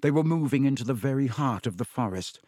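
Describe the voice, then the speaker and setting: A man narrating a storybook in a steady, even way, at a middle pitch for a man. He is recorded close on a studio mic, and the sound is dry, with no room echo. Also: fast. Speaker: audiobook narrator. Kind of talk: scripted narration.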